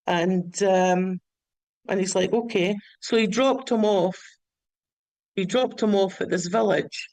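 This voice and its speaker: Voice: mid-range voice, fairly even intonation, normal speed, vocal fry, dry recording, rough recording. A caller telling a story at length, often restarting and repeating words, on a remote line. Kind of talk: rambling storytelling.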